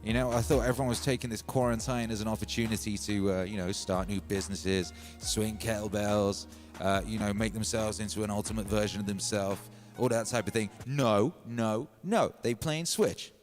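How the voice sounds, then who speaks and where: Animated man telling a rambling story over music. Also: lowish voice, a little fast. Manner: animated, rambling, playful slang. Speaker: livestream host. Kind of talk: casual storytelling monologue.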